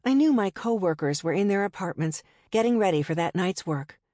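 A woman giving a measured, first-person audiobook narration. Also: fairly low pitch, animated, warm tone, no room sound, studio quality.

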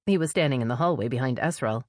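Very deep-voiced woman narrator. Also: fast talker, dry recording, studio quality. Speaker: audiobook narrator. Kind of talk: scripted narration.

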